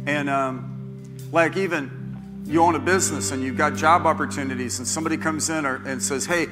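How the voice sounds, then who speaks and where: A man's voice: on the high side, fairly even intonation, moderate pace, in a large hall, music in the background. An older man preaching a sermon as pastor, folksy and joking, often repeating himself. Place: church sanctuary.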